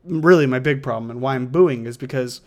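A man's voice: medium pitch, fairly quick, darkish tone. A man co-hosting a casual podcast chat, opinionated and building his argument step by step. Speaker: podcast co-host.

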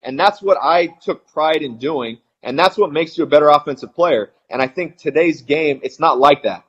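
Man, forties, husky voice, blunt, animated storytelling, dull lo-fi audio. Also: on the high side. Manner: blunt, animated, fast-flowing anecdotes. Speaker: retired baseball player, guest. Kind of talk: podcast interview storytelling.

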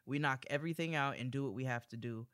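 Brief: young woman podcast host, bright forceful tone, dry close sound, playful letter reader. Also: very deep voice, fast talker, no room sound. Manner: animated and playful, reading listener letters aloud with commentary. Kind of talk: casual chat.

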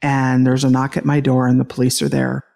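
A middle-aged woman with a gravelly edge recounts a painful family memory to an interviewer. She laughs through grief and restarts her sentences often. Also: extremely low pitch, monotone, fairly quick, warm tone. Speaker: guest, bereaved mother and author. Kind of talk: conversational interview storytelling.

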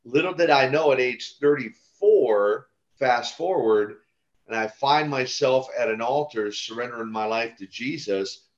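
An older man speaks at a middle pitch in a casual interview, telling stories with animated energy and chuckles. He often restarts and repeats words. The audio is a bit dull and lo-fi. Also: a little slow. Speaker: guest, retired pro wrestler and minister. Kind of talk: casual storytelling in a podcast interview.

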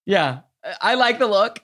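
A woman hosting a podcast, chatting casually and laughing often, quick to agree. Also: fairly high pitch, fairly bright tone. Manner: giggly, quick with agreeing backchannels. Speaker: podcast host. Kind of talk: casual chat.

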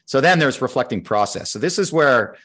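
A man's voice: medium pitch, animated, fairly quick, a bit bright. A man speaking as a guest expert, patiently explaining his ideas step by step in conversation. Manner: patient, methodical teacher who walks through steps. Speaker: guest expert on team skills.

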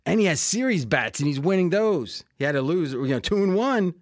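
Upbeat American man pitching bets. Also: animated, brisk, no echo, clean studio sound. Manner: upbeat salesman-like, joking, laughs often. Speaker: podcast host. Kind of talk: casual sports betting chat with sales pitches.

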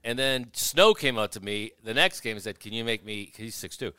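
A man's voice: on the low side, fairly quick, clear, resonant tone, no room sound. A man who works as an arena announcer, telling stories in a casual chat and acting out what others said. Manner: animated, acts out quotes of others. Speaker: arena announcer, podcast guest. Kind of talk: casual storytelling.

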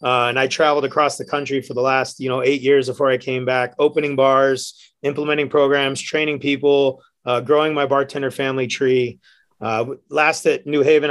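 A man, a bartender guest, telling stories casually, animated and laughing often. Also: mid-range voice. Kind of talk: casual storytelling.

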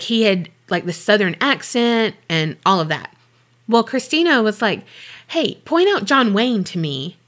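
This podcast co-host is a woman whose mid-range voice sounds a little bright. She tells a true-crime story in a relaxed, chatty way, swearing offhandedly as she goes.

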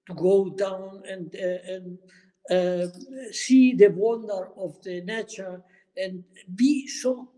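A man in his nineties, answering interview questions haltingly with many hesitant fillers while he searches for words. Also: sits high, darkish tone, poor audio. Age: 90s. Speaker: guest hiker.

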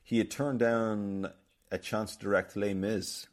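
A man's voice: fairly low pitch, steady tone, a little slow. An Irish man hosting a casual film podcast, rambling and telling stories with lots of restarts. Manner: chatty, rambling, storytelling with many restarts. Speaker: podcast host.

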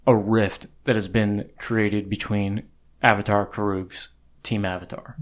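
A man's voice: lowish voice, flat delivery, measured pace. A man in a casual podcast conversation, breaking down a novel's scenes with a friend. He laughs easily and keeps pulling the talk back to what matters in the story. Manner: chatty, laughs easily, steers toward analysis. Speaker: podcast co-host. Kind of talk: casual chat about a novel.

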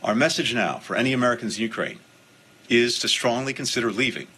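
Formal male official, husky tone. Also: medium pitch, animated, pushed and bright, rough recording. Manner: formal, deliberate. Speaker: secretary of state. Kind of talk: official statement.

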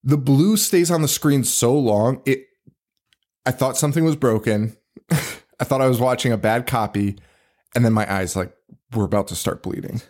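A man's voice: mid-range voice, normal speed, darkish tone. A man co-hosting a casual horror podcast chat, talking loosely with lots of swearing and restarts. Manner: loose and profane, swears often; rambling, with restarts. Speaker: podcast co-host.

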